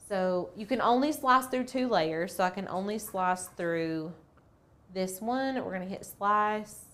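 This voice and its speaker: A woman hosting a casual craft tutorial, chatty and playful, thinking aloud as she works through each step. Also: mid-range voice. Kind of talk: casual screen-share tutorial.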